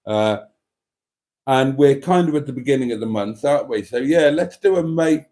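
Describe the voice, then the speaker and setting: Rambling, lively middle-aged man. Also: medium pitch, normal speed. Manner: chatty, rambling, jokey, with many fillers. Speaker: livestream host. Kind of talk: casual livestream chat reading comments.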